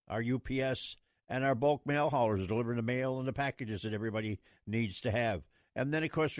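A man hosting a talk radio show, folksy and emphatic, prone to rambling. His voice sits in a middle pitch and the recording is dry and close. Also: dry recording.

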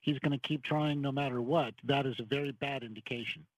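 A man calling in as a political commentator on a talk radio show, speaking in a measured, agreeable way. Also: medium pitch, no room sound, low-quality recording. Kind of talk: call-in conversation.

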